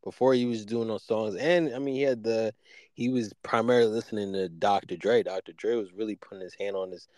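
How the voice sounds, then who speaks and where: A man co-hosting a podcast, talking in a rambling, animated way and jumping high when excited. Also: a little fast, dry recording. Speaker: podcast co-host. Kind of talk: casual debate chat.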